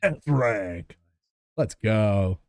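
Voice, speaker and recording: A man streaming a game and reading it aloud, chatting in a relaxed way with drawn-out fillers. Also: lowish voice, no room sound, studio quality.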